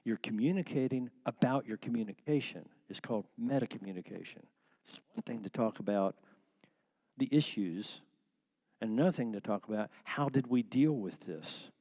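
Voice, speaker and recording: A man teaching a church class on marriage in a relaxed conversational way, explaining with everyday metaphors. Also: mid-range voice, moderate pace.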